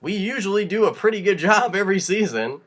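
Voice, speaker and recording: A man's voice: sits high, lively intonation, quick pace, a bit bright. Fired-up young man ranting. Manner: fired-up, laughing, rambling rant with restarts. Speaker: vlogger. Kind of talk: casual rant to camera.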